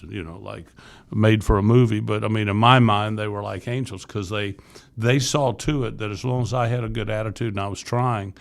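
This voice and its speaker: Lowish, steady, and creaky, this man talks a little fast. He's from Florida, in his sixties, and works as a youth ministry leader, telling his life story on a podcast in a candid, earnest, casual interview manner with lots of restarts.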